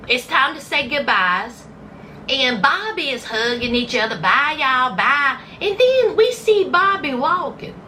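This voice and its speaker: A woman's voice: high-pitched, bright, forceful tone, slight background noise, poor audio. A woman giving casual, sarcastic commentary on a reality show, acting out scenes in put-on voices.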